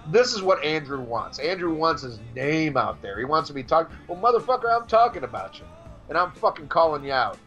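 Male podcast host, foul-mouthed ranter, pitch jumps all over. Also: sing-song, quick pace, a bit bright, soft background music. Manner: profane, ranting, mocking. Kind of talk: casual podcast banter.

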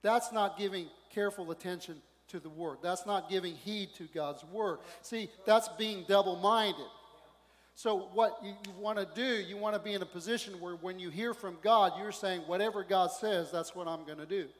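A man's voice: high voice, moderate pace. Preacher guy giving a sermon, talks like a chat, keeps asking the crowd stuff, echoey sanctuary. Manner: conversational, animated, asks the congregation questions. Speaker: pastor. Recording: long hall reverb.

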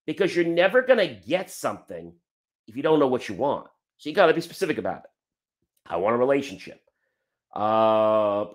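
A man speaking as a motivational speaker on a livestream, urging viewers directly and plainly. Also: medium pitch.

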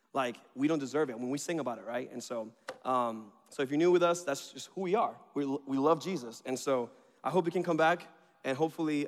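A man giving a casual, energetic sermon in a church, chatty and full of fillers. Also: medium pitch. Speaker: preacher. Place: church auditorium. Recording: long reverb of a large hall.

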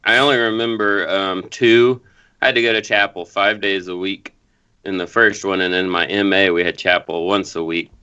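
Guy with a kinda low bright voice telling a story on a podcast, bit muffled audio. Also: normal speed, clear, resonant tone. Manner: animated storyteller, chuckling. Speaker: podcast co-host. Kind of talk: casual storytelling. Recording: slightly dull lo-fi audio.

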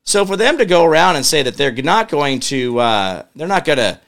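Animated ranting male commentary host. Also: fairly high pitch, moderate pace. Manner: ranting, exasperated, asks the audience questions; mutters to himself while working a computer. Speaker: show host. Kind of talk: political commentary.

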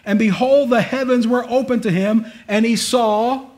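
A man preaching an emphatic sermon, swinging between loud declarations and hushed lines and calling out for amens. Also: very high-pitched, fairly even intonation, moderate pace.

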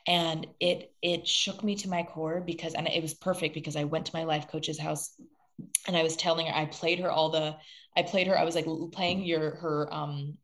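A woman's voice: deep voice, fairly even intonation, normal speed, a bit bright. A woman podcast guest and coach, telling an emotional story earnestly, rambling with frequent restarts and the odd swear. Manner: swears when moved. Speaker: guest, self-love coach.

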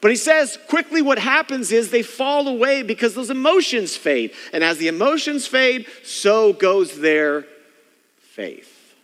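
Brief: male pastor, high voice, casual preaching that mimics the congregation, long reverb of a church hall. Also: expressive, normal speed, hardly any pauses, fairly bright tone. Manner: conversational preaching, mimics churchgoers' inner thoughts. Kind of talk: sermon.

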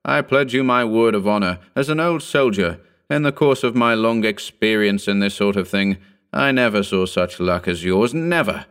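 A man voicing a boisterous old French ex-soldier with a hoarse voice and an effusive, exclaiming manner. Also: on the low side, expressive, normal speed, a bit bright.

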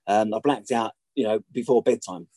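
A middle-aged man appears as a podcast guest, telling stories candidly and bluntly in a low, mellow, husky voice at a moderate pace. He swears often and repeats points for emphasis, and the recording is dry.

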